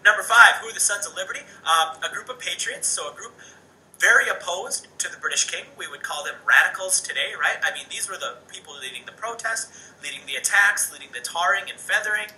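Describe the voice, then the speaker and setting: A man teaching a recorded lesson, with a very bright, forceful voice that sits a little high. He talks casually, tossing in "um" and "right?" as he goes. The sound is echoey and a bit distant from the mic. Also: brisk, slight background noise. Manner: animated, conversational, many "um"s and "right?". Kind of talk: recorded homework lesson, study guide review.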